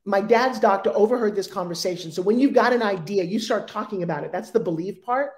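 A woman in her fifties with a Long Island accent tells her life story as an interview guest. She is animated and slips into the voices of the people in her stories. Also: medium pitch, quick pace. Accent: Long Island New York.

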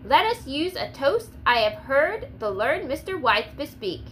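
A woman's voice: high-pitched, sing-song, a little slow, a bit bright, slight background noise, heavily acted. Woman voicing an old fiddler giving toasts. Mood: orating. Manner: rousing, orating toasts. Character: old gray-haired fiddler, cheerful peacemaker.

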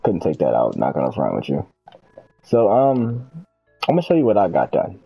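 A man's voice: low voice, wildly swooping pitch, normal speed, creaky, husky, muffled recording, soft background music. A man hosting a gaming video, chatting casually and rambling through self-corrections while he plays. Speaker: gaming channel host. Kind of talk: casual gameplay chat.

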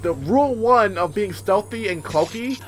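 A man giving casual let's-play commentary as he plays, excitable and swearing often with sudden outbursts. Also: high-pitched, moderate pace. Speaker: gameplay commentator. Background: game music.

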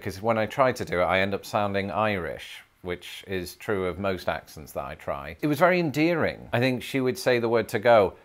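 An English man talking to camera in a comedic vlog, with dry, self-deprecating humor. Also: medium pitch. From England. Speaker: YouTuber.

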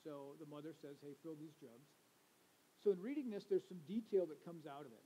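Pastor, middle-aged man, high and mellow, chatty sermon with jokes to the congregation. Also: a little fast, husky, poor audio. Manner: conversational, joking asides to the congregation.

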